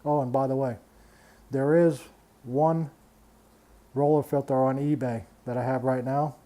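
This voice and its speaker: A man's voice: medium pitch, steady tone, a little slow, dark tone. An older man venting bluntly and with exasperation on his hobby vlog, swearing freely and restarting his phrases. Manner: repeats himself, restarts phrases. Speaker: reef aquarium hobbyist vlogger. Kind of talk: frustrated casual rant.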